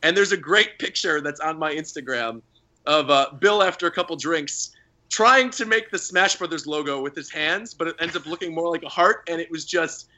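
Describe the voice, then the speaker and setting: A man telling a story as a podcast guest in casual chat, animated, with many fillers and acted-out quotes. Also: on the high side, moderate pace.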